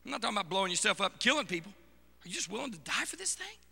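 A male preacher delivering a fervent sermon, swinging from shouted exhortation to hushed, intimate asides. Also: high voice, sing-song, racing, creaky, husky, in a large hall.

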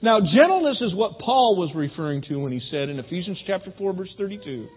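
A man's voice: high-pitched, very animated, quick pace, hardly any pauses, husky. A man preaching a sermon, talking easily to his congregation and often asking them questions. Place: church sanctuary. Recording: phone-like, with long hall reverb.

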